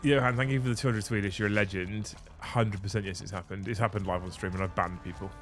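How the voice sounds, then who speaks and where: A man's voice: fairly low pitch, steady tone, quick pace, over music. Sweary man hosting a livestream. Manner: sweary, rambling banter. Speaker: livestream host. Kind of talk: casual livestream chat.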